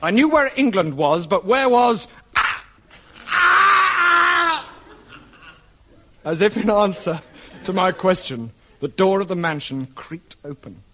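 A man narrating a comic radio sketch in a melodramatic storyteller's manner, with deadpan asides. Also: high-pitched, normal speed. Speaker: comedy performer. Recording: lo-fi old radio recording, heavy hiss.

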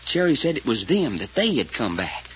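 A hesitant country witness with a drawl, lively pitch, dull old recording. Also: male voice, normal speed. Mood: earnest. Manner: drawling, hesitant, plainspoken storyteller. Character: folksy rural male witness called Doc. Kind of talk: 1940s radio acting. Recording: dull old radio recording, faint hiss.

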